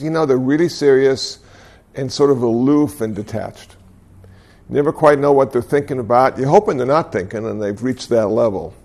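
An older man with a gravelly, creaky voice gives an unhurried dharma talk. He tells his stories with gentle, self-deprecating humor and speaks reflectively. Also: medium pitch. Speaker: Buddhist speaker.

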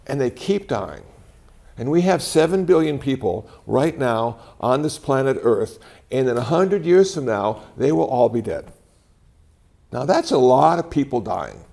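Before an audience at a talk venue, a man in his sixties speaks in a creaky, mid-range voice. His talk is conversational, and his stories are animated and wryly funny.

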